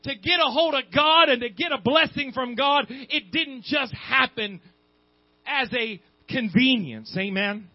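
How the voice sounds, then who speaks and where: In a dull, muffled, dry recording, a male preacher with an extremely high pitch speaks unhurriedly. His sermon is fervent and repetitive, and he calls out "Amen" to the congregation.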